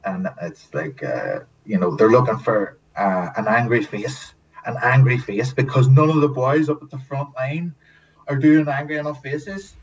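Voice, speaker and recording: A man guest telling casual stories in a lively way, swearing often and acting out what others said. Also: medium pitch, a little slow. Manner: lively storyteller, swears often, acts out quotes. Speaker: guest, former TV extra. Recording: distant mic, dull lo-fi sound, faint hiss.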